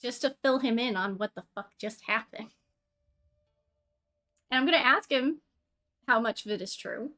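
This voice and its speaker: A woman's voice: on the high side, normal speed, long pauses, fairly bright tone, faint music behind. A woman playing a tabletop game, chatting casually and laughing often. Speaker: player. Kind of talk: casual chat in character.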